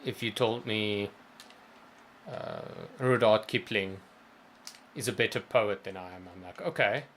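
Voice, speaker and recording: Rambling, thoughtful man with a low voice. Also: a little slow, a bit bright, slight background noise. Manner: thoughtful, rambling, many restarts. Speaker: co-host of a gaming stream. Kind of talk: casual chat.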